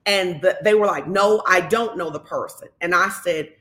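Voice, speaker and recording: Animated woman preaching a conversational sermon. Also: on the low side, normal speed. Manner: animated storytelling, acts out quotes. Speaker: pastor.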